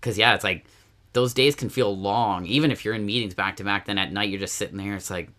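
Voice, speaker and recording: Chatty bright-voiced Nova Scotian man. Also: fairly low pitch, fairly quick. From Nova Scotia, Canada. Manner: chatty storyteller, animated quoted asides, many fillers and restarts. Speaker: podcast guest. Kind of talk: casual conversational interview.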